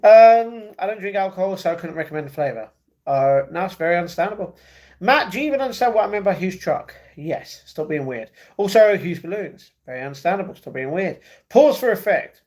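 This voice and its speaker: Man chatting on a livestream, slightly high voice. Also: animated, brisk, a little mellow. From United Kingdom. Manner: reads viewer comments aloud and answers them, often apologetic. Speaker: livestream host. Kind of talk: casual livestream chat. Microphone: wireless earbuds.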